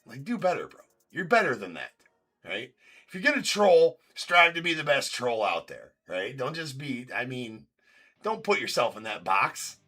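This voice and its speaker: Over soft background music, a man hosting a live card break stream speaks at normal speed in a medium-pitched, sing-song voice that is bright and forceful. He teases chat viewers and rambles casually, laughing often and using many filler words.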